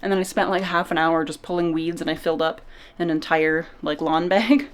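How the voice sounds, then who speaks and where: A woman's voice: deep voice, steady tone, brisk. A young woman talking straight to her camera in a chatty vlog, rambling from one thought to the next. She is a little out of breath after exercise and laughs easily as she goes. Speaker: vlogger.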